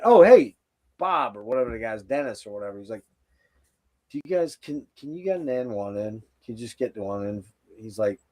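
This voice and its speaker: A man's voice: on the low side, a little mellow. A man hosting a podcast, telling a rambling, profane, jokey story in casual chat. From Philadelphia area, United States. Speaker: podcast host.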